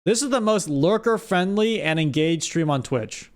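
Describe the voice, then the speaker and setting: A young man chats with his viewers during a live game stream, rambling and restarting sentences. His voice sits a little high and swings widely in pitch. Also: normal speed. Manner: animated, talks straight to chat, rambling with restarts. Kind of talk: casual live-stream chat while gaming.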